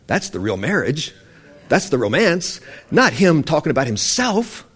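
A man preaching, emphatic and animated, quoting scripture as he teaches. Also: fairly high pitch, unhurried, husky. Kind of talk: sermon-style teaching.

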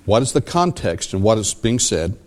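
A man's voice: fairly low pitch, sing-song, normal speed, darkish tone. A man preaching a sermon as pastor, teaching verse by verse and often repeating and rephrasing his questions to the congregation. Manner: asks the congregation for assent.

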